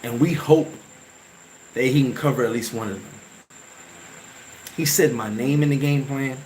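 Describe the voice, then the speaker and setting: A man hosting a vlog, telling an emotional story from his playing days in a casual, animated way, full of restarts and sound effects. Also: medium pitch, moderate pace, a little hiss or hum, rough recording. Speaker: vlog host.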